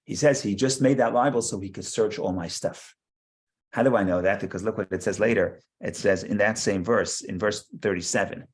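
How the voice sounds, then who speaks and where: A man with a fairly low voice leads a study class on a biblical text. He reads passages aloud, then explains them in a halting way, often restarting and repeating words as he thinks. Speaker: Torah class teacher.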